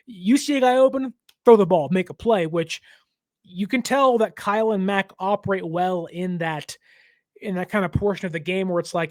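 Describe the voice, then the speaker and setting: Animated man breaking down a game. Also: high voice, a little fast, no room sound, studio quality. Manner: animated, jokey, lots of fillers. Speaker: team podcast host.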